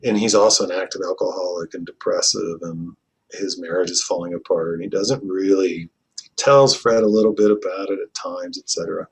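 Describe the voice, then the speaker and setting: A middle-aged man, a family therapist and trainer, telling stories in an earnest, reflective way and often softening his voice. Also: steady tone, fairly quick, gravelly. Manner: earnest, reflective, often drops to a soft low voice. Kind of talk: conversational storytelling.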